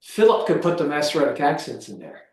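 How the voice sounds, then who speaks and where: High-voiced emphatic lecturer, very echoey. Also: male voice, fast. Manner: emphatic, animated, with frequent restarts. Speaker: guest lecturer. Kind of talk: seminar lecture and closing remarks. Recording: very echoey room.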